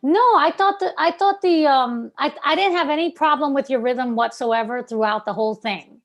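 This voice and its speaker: A woman with a Brooklyn accent coaches an actor over a video call. Her voice sits a little high, and she talks in an animated, chatty way with plenty of "like" and "um". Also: moderate pace. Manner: animated, chatty, many fillers like "like" and "um". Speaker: acting coach. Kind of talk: coaching feedback.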